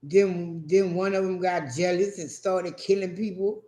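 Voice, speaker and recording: A man telling a profane, animated story in a casual rant, acting out what people said. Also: high voice, unhurried. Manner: profane, animated, acts out quotes. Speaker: vlogger. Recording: echoey room.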